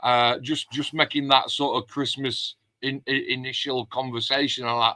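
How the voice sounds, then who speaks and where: Chatty man, bright voice. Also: mid-range voice, level tone, normal speed, few pauses, dry recording. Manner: chatty storyteller, acts out conversations with dialect words. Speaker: club host. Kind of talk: casual chat.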